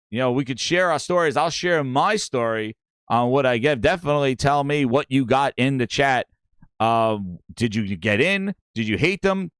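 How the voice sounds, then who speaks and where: A middle-aged man with a New York accent hosts a casual gaming livestream, excitably hyping and thanking viewers and telling rambling stories. His mid-range voice has a clean tone, captured in a dry, studio-quality recording.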